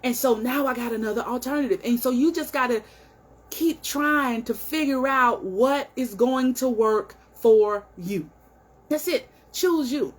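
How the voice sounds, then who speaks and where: A woman's voice: a little high, measured pace. A woman talks casually and encouragingly to her viewers, sharing her own weight loss journey. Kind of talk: casual heartfelt vlog talk.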